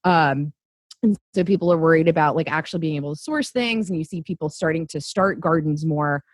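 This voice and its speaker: A woman's voice: sits low, fairly quick, no room sound. A woman co-hosting a podcast, blunt and wry, swearing and filling her talk with "like" and "you know". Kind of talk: casual podcast chat.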